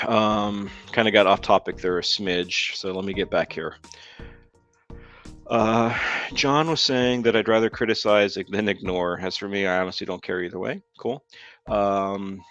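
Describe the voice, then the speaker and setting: A man's voice: on the low side, vocal fry, a bit bright. A man hosting a casual live stream, rambling with lots of ums while reading viewers' comments aloud. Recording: dull lo-fi sound with faint music.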